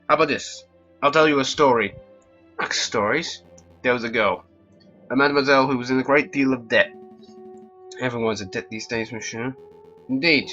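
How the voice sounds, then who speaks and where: A man voicing a suave, theatrical male fox con artist with a smooth, grandly dramatic delivery, in a game. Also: mid-range voice, sharp tone, dull audio, lightly acted.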